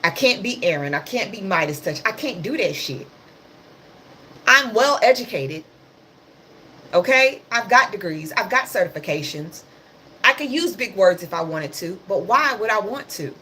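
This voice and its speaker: A woman's voice: mid-range voice, expressive, moderate pace, bright, forceful tone, a little hiss or hum. A woman hosting a casual livestream, talking about the news in a passionate, sarcastic and blunt way. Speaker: livestream host.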